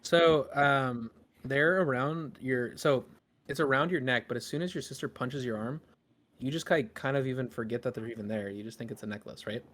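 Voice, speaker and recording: A man narrating a tabletop game as game master, halting with lots of ums and restarts. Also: medium pitch, a bit bright. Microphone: podcast microphone.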